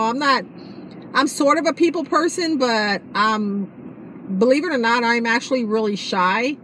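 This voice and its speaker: A woman's voice: fairly high pitch, a bit bright, slight background noise, rough recording. A middle-aged woman chatting casually to camera in a vlog, rambling and laughing often. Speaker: vlogger.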